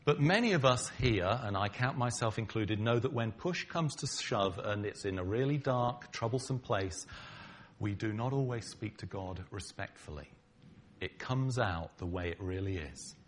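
A man's voice: on the low side, animated, moderate pace, slight background noise. A middle-aged man, preaching a conversational sermon to his congregation, bantering with them and acting out quoted lines. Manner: acts out quoted lines dramatically. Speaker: pastor.

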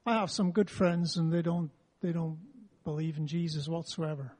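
High-voiced husky male pastor. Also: fairly even intonation, normal speed, darkish tone. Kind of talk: welcome and spoken prayer.

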